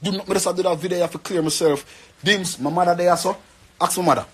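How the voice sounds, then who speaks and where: A man's voice: sits high, steady tone, a little fast, fairly bright tone, husky. A young man with a Jamaican accent, rambling and pleading in an emotional rant to the camera. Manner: pleading, rambling, repeats himself.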